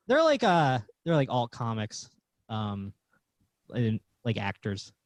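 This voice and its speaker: A man's voice: medium pitch, wildly swooping pitch, slow pace, no echo. A man who is a stand-up comedian, a guest on a podcast over a remote call, telling wry, self-deprecating stories. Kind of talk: casual chat. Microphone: remote call mic.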